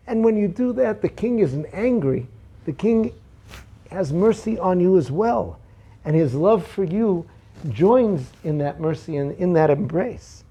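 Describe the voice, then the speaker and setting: A man gives a Torah class as a storyteller, acting out the voices in his parables. His voice is gravelly with fry and has a husky grain. It sits a little high for a man and sounds dark in tone. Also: expressive, a little slow. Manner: storytelling, acts out quotes. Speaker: Torah teacher.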